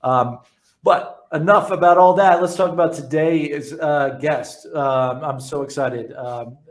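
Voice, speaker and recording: A man hosts an interview podcast with an eager, casual manner, often repeating words and restarting his sentences. His voice sits a little high for a man. The room around him gives a noticeable echo. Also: unhurried. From New York. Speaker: podcast host.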